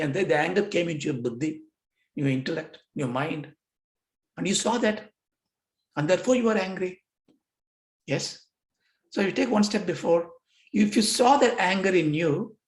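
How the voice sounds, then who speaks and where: A man teaching yoga philosophy, acting out questions and answers with himself. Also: high-pitched. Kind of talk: lecture on scripture. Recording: roomy echo.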